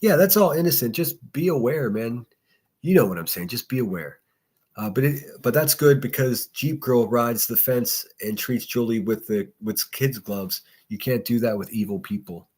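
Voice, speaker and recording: A man's voice: medium pitch, lively intonation, moderate pace, a little mellow, husky. A man hosting a casual solo livestream, reading chat and giving blunt, profane, rambling commentary. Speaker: livestream host.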